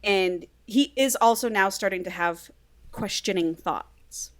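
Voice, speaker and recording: A woman co-hosting a podcast, recapping a book in animated, chatty casual talk. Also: mid-range voice, a little slow. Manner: chatty, animated storyteller, laughs often. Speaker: podcast co-host.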